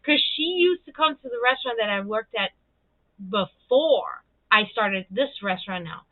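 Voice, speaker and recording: A chatty woman hosts her own livestream, rambling through stories with lots of swearing and easy laughter. Her voice sits a little high. The sound is thin and phone-like, with no room echo at all. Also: animated, moderate pace. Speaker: livestream host. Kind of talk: casual livestream chat. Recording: dry, tinny phone-like sound.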